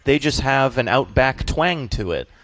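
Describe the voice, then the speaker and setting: A man from the Boston area with a faint Boston accent, a comedian guest talking in a casual, animated, jokey way. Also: medium pitch, a little slow, a little hiss or hum. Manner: animated, jokey, slips into character voices. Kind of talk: casual interview chat.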